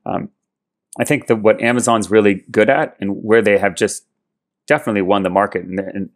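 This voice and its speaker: A man guest on a podcast, a company chief executive, answering questions in a measured, explanatory way with frequent fillers. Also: on the low side. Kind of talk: interview answers.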